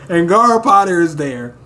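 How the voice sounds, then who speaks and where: A man's voice: sits high, very animated, slow, bright, forceful tone. A man hosting a casual manga reaction, reading along with blunt, profane asides and frequent laughter.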